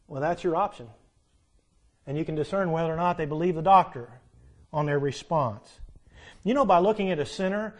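A male pastor preaching a sermon to his congregation, with emphatic peaks and quiet pleading stretches, full of rhetorical questions and repeated phrases. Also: fairly high pitch, moderate pace.

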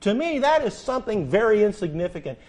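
A man preaching a sermon as pastor, asking rhetorical questions, repeating key phrases and reading scripture slowly. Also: high voice, very animated, darkish tone. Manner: quotes scripture slowly and deliberately. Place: church sanctuary.

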